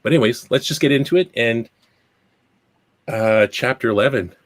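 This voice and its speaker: A middle-aged Canadian man hosts a podcast, rambling and poking fun at himself as he gets over a cold. His voice sits in the mid range, moving at a moderate pace with no echo.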